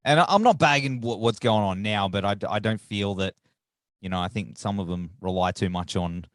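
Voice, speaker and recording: A male podcast host with a rough morning voice, chatting in a laid-back, slangy way. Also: on the low side, brisk, no echo, studio quality. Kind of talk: casual interview chat.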